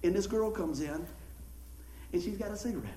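A man, a pastor telling folksy, animated stories in a sermon and acting out the people in them. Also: high-pitched, fairly quick, a little hiss or hum. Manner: folksy, animated storytelling with acted-out quotes and laughter. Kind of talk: storytelling sermon. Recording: echoey room.

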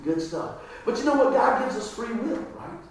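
A man's voice: extremely high pitch, expressive, normal speed, noisy background. A man preaching a conversational sermon in a church, often asking the crowd "right?". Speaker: pastor. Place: church hall. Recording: echoey hall, voice from far off.

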